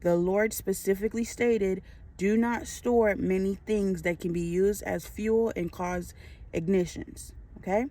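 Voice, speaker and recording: A woman slowly reading out a preparedness list, pausing on each item and adding emphatic reminders. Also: mid-range voice, fairly even intonation, warm tone. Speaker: faith-based preparedness vlogger.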